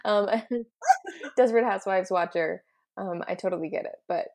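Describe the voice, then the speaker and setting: A woman's voice: mid-range voice, moderate pace, a little mellow. Easygoing, laughing woman co-host. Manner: easygoing, laughs often, many fillers. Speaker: podcast co-host. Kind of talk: casual chat.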